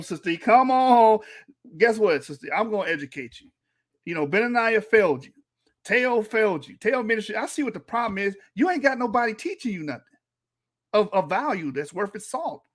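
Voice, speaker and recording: A man's voice: sits high, fairly bright tone. A man hosting a reaction stream, teasing and sarcastic, breaking into laughter and mocking sing-song as he comments on clips. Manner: teasing, sarcastic, laughs often, sings jeering lines.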